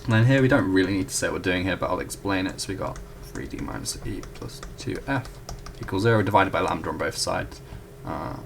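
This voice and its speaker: A man's voice: low-pitched, brisk, gravelly, hardly any pauses, a little hiss or hum. A young man talks casually through a math proof at a whiteboard, correcting himself and apologizing along the way. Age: young adult. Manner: chatty, self-correcting, apologetic asides. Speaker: student tutor.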